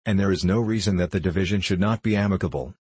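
A man voices an idealistic male bishop, protesting with earnest conviction in a low, husky voice. The reading is close-miked and dry. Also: fast talker, darkish tone, no room sound.

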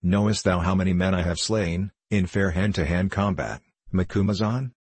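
Gruff old warrior chief, boastful and bloodthirsty, deep husky tone, read by a man. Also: normal speed, no echo. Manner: archaic boastful speech. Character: aging fierce male warrior chieftain, proud and bloodthirsty.

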